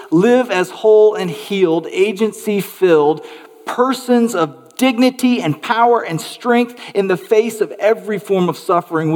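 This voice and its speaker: A pastor preaching an earnest sermon, building emphatic rhetorical questions. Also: male voice, sits high, a little mellow, in a large hall.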